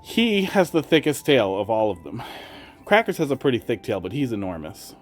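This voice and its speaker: A man's voice: mid-range voice, very animated, normal speed. Chatty streamer man with a Wisconsin accent. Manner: chatty, talks to his cats in a sing-song voice. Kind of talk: casual chat with viewers. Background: faint music.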